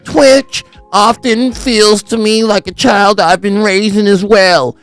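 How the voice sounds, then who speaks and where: A man putting on the voice of an earnest, soft-spoken tech executive, reading slowly and overly sincerely. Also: high-pitched, steady tone, smooth, faint music behind, pitched above the performer's own voice, full character voice. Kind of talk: mock reading of a statement.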